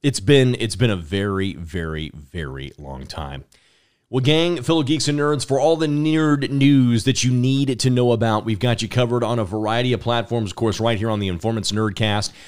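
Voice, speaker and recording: A man's voice: mid-range voice, normal speed, clear, resonant tone. A man hosting a casual podcast, enthusiastic and repeating words as he starts his thoughts. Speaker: podcast host.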